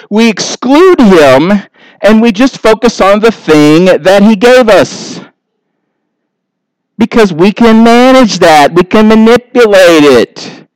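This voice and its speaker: A man preaching a sermon in a high, unhurried voice. His tone is smooth and clear, and the recording is dry and close with no room sound. He acts out people's words in short, lively asides. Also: no echo, rough recording. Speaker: pastor.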